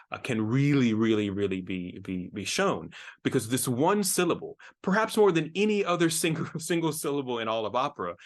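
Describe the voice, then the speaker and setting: Enthusiastic man explaining an opera aria. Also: medium pitch. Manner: enthusiastic, repeats words while thinking, sings short snippets. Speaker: musicology professor. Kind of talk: explanatory lecture.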